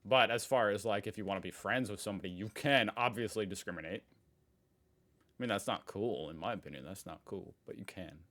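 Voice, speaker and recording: A man's voice: fairly low pitch, fairly quick. A man hosting a reaction video, chatting casually and laughing at himself. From Southern United States. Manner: chatty, lively, self-deprecating with frequent laughs. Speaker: reaction channel host.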